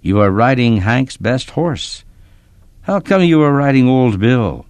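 A man voicing a calm, gentle old ranch hand who speaks softly, in few words, and kindly but firmly. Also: medium pitch, a little slow, dry recording, voice pushed up. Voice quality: calm, gentle, soft-spoken.

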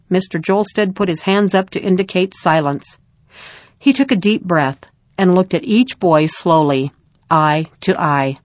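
A woman reading a story aloud in a calm, measured narration. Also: fairly low pitch, no room sound.

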